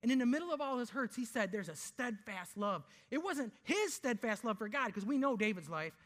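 A man preaching a sermon, emphatic, asking rhetorical questions and slowing down to stress key words. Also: extremely high pitch, sing-song, fairly bright tone. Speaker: pastor.

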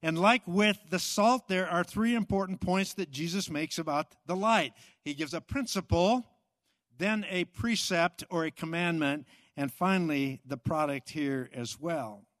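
A man's voice: on the high side, a little slow, fairly bright tone, no room sound, clean studio sound. A man preaching a sermon, emphatic and repetitive, with rhetorical questions. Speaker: pastor.

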